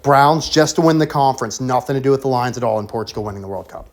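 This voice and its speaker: A man hosting a sports predictions show, rambling through conspiratorial theories in a profane, sarcastic, excitable way. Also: mid-range voice, quick pace. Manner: profane, sarcastic, excitable, talks about himself as Coach.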